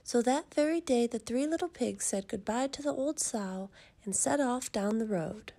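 A woman narrating a children's story in a measured, expressive way. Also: fairly high pitch.

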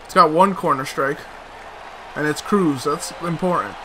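Guy with a high voice doing game commentary, slow, muttering and cursing at the screen. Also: noisy background. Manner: mutters to himself, swears in frustration, sudden outbursts. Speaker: let's play host. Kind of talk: gameplay commentary.

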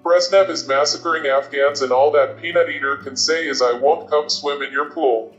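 A man voicing a gruff, opinionated older immigrant father in an audiobook, blunt and scornful. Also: a little high, steady tone, normal speed, a bit bright, reverberant, lo-fi sound, soft background music, natural voice.

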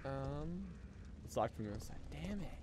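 A man's voice: medium pitch, expressive, noisy background. A man streaming a video game, cracking jokes and swearing through casual commentary on a desk mic. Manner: rapid, profane, joking.

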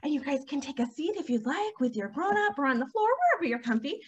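A young woman leading a toddler storytime at a library, reading aloud slowly in a sing-song, animated way with whispered shushes, on a dull lo-fi recording. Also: high voice. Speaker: children's librarian. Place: library program room.

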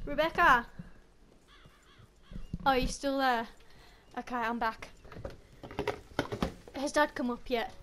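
A woman's voice: sits high, fairly even intonation, slow, pauses often, sharp tone, slight background noise. A woman from the Black Country, a gaming vlogger, chatting over game voice chat at home on a headset mic in a rambling, chatty way, laughing often. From Black Country, England.

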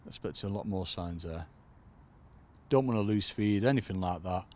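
This British fishing coach has a deep, slightly mellow voice and a moderate pace. Outdoors by a lake in cold weather, he gives a relaxed tutorial, chatting away and calling his listeners "folks."

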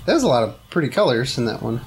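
A woman with an extremely low voice watches a friend's console game, chiming in with wry teasing and tips about the controls. Her pitch swings a lot as she jokes, and the home recording is noisy. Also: sing-song, quick pace. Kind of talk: casual let's-play chat. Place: living room at home.

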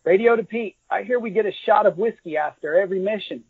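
A teasing young bomber radio operator, voiced by a man reading aloud. The husky voice is pitched up a little and sounds dry and narrow, like over a phone. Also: fast talker, no echo.

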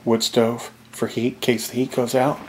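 A real estate vlogger walks through a property, moving from a creekside outdoors into a log cabin, chatting enthusiastically to the viewer and whispering softly indoors. His mid-range voice shows little pitch movement and a moderate pace, with slight background noise.

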